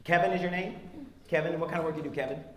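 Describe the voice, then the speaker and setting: A man's voice: a little high, steady tone, rapid-fire, a bit bright, reverberant. A man doing stand-up comedy in a club, brash and profane, teasing people in the audience. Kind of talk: stand-up set with crowd work. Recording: live club with audience noise.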